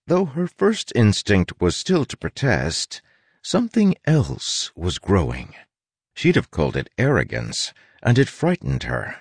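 A man giving expressive scripted audiobook narration. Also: sits low, creaky, husky, no room sound. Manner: expressive storytelling.

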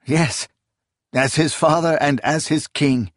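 Male narrator playing a loyal sorcerer comforting his king: gentle, soothing, unhurried, audiobook. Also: fairly high pitch, no room sound, clean studio sound, voice pushed up. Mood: tender. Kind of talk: audiobook character reading.

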